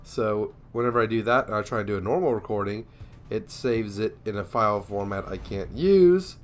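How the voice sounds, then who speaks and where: A man's voice: on the low side, normal speed. A young man giving casual, rambling commentary over a naval war game, sleepy and yawning, joking at himself. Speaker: gameplay commentator.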